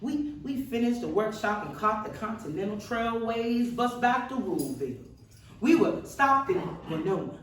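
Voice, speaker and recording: Heard at a distance in a spacious hall, an actress gives a seated stage reading as a defiant, middle-aged activist from the South, using a Mississippi accent and earthy, testifying rhythm. Her voice is on the high side and expressive at a normal speed, close to how she'd normally talk, with a little hiss or hum.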